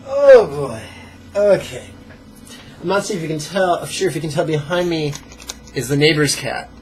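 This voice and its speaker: A man leading a pronunciation drill as a meditation teacher, playful and joking, sounding out syllables slowly and carefully. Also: on the high side, animated, a little mellow, slight background noise. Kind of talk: pronunciation drill in a live lesson.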